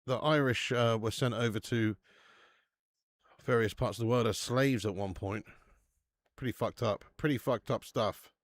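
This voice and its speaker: A man's voice: medium pitch, moderate pace, long pauses, dry recording, clean studio sound. A young British man hosting a live football watch-along, chatting casually, swearing and reading out viewer comments. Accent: British English. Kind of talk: casual live-stream chat.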